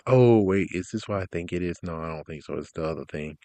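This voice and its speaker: A young man casually commenting on game announcements, rambling, ranting loudly at times and then trailing off into mumbles. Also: deep voice, fast, no room sound. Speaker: gaming vlogger.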